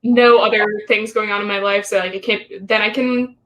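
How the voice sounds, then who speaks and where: A young woman in casual conversation who pauses often and keeps searching for the right words. Her talk is loose and unhurried in its phrasing. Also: mid-range voice, fairly even intonation, fairly bright tone. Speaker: guest, college friend. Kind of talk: casual chat.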